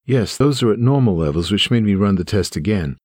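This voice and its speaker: A man's voice: lowish voice, animated, brisk, a little mellow, no room sound, clean studio sound. A man narrating a memoir voices an earnest male ER doctor who keeps reassuring a frightened son.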